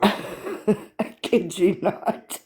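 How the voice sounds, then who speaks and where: A woman's voice: medium pitch, drawn-out words, noisy background. An older woman hosting a live stream, telling stories with laughter and swearing in a casual chat. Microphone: phone or computer for live stream.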